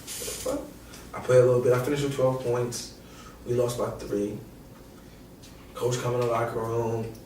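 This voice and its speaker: A man's voice: medium pitch, moderate pace, long pauses. Young New man, guest, casual slangy storyteller; roomy echo, mic set back. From New York. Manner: animated, slangy, profane, acts out quotes. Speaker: podcast guest, former college basketball player. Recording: echoey room, distant mic, faint noise.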